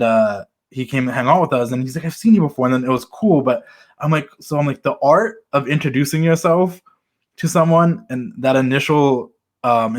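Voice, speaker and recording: A man hosting a casual interview podcast, talking in a rambling way with many fillers and restarts. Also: medium pitch. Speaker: podcast host.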